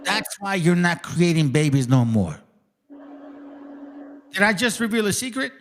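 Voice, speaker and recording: A man's voice: high voice, big pitch swings, unhurried, slight background noise. A man hosting a casual reaction commentary, ranting heatedly and swearing constantly. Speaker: stream host.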